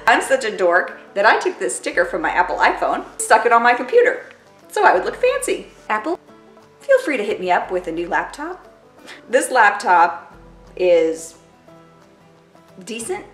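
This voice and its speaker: A woman's voice: medium pitch, echoey room. A woman vlogging at home in casual chat to camera, chatty and self-mocking, full of "like" and "totally".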